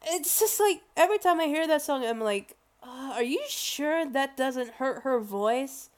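A woman vlogger giving casual, rambling music commentary, excitable and full of exclamations and restarts. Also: sits high, a little slow.

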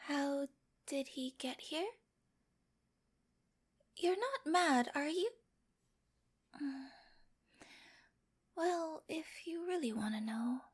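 High little voice, girl doing a clingy creepy girlfriend, giggly, slow and whispery role-play. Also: expressive, exaggerated voice. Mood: creepy adoring. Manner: giggly, coaxing, slips into soft whispers. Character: sweet, obsessive young girlfriend with a dark streak. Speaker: voice actor in listener-addressed audio drama.

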